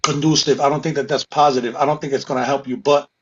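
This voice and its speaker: A man's voice: medium pitch, steady tone, fast talker, slight background noise. Earnest man with a dull lo-fi sound. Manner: earnest advice-giving, repeats phrases. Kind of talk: casual chat.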